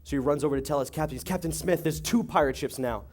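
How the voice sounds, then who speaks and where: A man's voice: on the high side, quick pace. Young guy youth pastor, telling a silly pirate story and doing little voices, then a sermon. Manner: animated storytelling, acting out voices. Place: church youth service.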